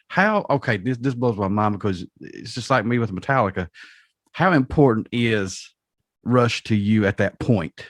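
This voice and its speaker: Man, podcast host, enthusiastic, casual chat, mid pitch, dry close sound. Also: big pitch swings, moderate pace, no echo. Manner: enthusiastic, short affirmations.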